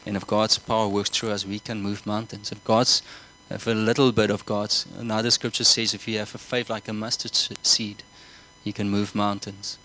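A man's voice: on the low side, flat delivery, normal speed, bright, forceful tone, low-quality recording. A man preaching a sermon, earnest, often repeating words and asking the congregation whether they follow. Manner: earnest, repeats himself, asks the congregation questions.

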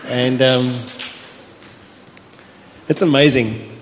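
A pastor with a South African accent, preaching a sermon, telling stories with animation, slipping into Afrikaans and laughing often. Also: male voice, medium pitch, steady tone, drawn-out words, slight background noise. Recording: long hall reverb with faint ambience.

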